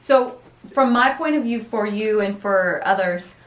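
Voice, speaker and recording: A middle-aged woman hosting a casual home chat as a caregiver, talking in a quick, rambling way. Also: medium pitch, reverberant. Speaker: caregiver and host. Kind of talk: casual chat answering viewer questions.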